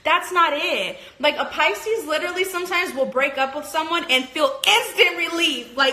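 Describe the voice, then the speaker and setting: A woman astrologer rants on a phone livestream in a high, sharp voice. She talks with passion and force, swears freely and leans hard on "like." The sound carries a roomy echo. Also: normal speed, hardly any pauses. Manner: passionate, emphatic, swears, heavy use of "like". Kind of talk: livestream rant.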